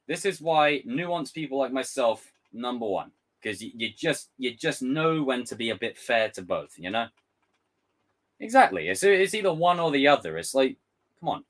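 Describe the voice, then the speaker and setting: A man chatting on a live stream, lively and loose. His pitch swings widely as he rants, and he drops into mocking put-on voices to mimic others. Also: moderate pace. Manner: animated, ranting, swears freely, mocks with exaggerated voices. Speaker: YouTube host reacting to a trailer. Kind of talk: casual livestream chat.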